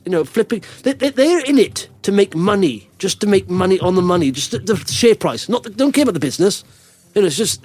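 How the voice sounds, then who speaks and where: A man's voice: high-pitched, dry recording. A man hosting a podcast, telling rambling stories full of restarts and fillers in a casual chat. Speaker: podcast host.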